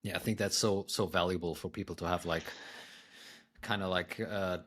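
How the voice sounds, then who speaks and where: A man's voice: sits low, steady tone, normal speed, a bit bright. A man hosting a podcast interview, giving short affirming responses. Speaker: podcast host. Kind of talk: casual interview.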